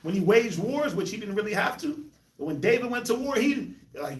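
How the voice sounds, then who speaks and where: A man's voice: sits high, big pitch swings, normal speed, roomy sound, far from the mic. A man hosting a casual Bible discussion, laughing often and talking in loose slang. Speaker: host of a Bible discussion show.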